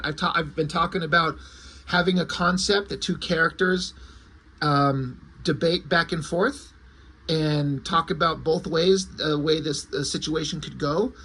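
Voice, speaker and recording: High, husky-voiced man reviewing comics. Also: measured pace, bright, forceful tone. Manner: rambling, self-correcting, casual swearing.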